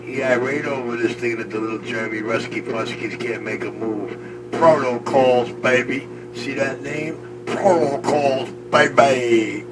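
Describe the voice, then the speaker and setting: A man's voice: medium pitch, steady tone, a little fast, hardly any pauses, loud music behind the voice. A man trading mocking taunts over a CB radio. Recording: distant radio voice in loud static.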